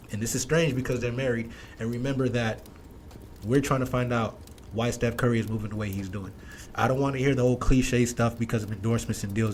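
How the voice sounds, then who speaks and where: A man's voice: medium pitch, slight background noise. A man hosting a reaction commentary, blunt, emphatic and opinionated. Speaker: commentary host.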